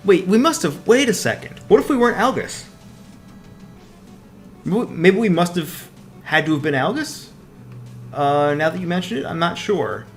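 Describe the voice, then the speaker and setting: Lively man chatting over game music. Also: sits high, normal speed, pauses often. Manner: lively, reacting and musing aloud. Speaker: co-host of a game podcast. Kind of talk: casual chat while playing a game.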